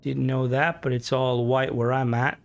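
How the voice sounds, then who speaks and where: A young man with an Irish accent streaming a game, chatting casually and reading comments aloud, joking and swearing, his voice jumping high when he gets worked up. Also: flat delivery, normal speed, gravelly.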